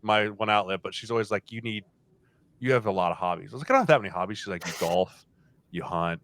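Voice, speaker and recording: A man in his thirties, a podcast guest, chatting casually and telling animated stories, acting out what people said. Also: lowish voice, fast talker. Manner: animated storyteller, acts out quotes. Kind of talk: casual chat.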